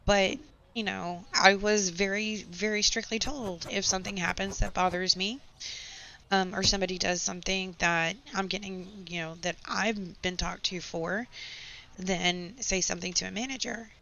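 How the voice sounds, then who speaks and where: Woman, hoarse, gravelly, sarcastic venting gameplay chat, bright edge, slightly dull recording with faint hiss. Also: medium pitch, fairly even intonation, moderate pace. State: hoarse, voice nearly gone. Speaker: gaming channel host. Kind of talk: casual gameplay chat with storytelling.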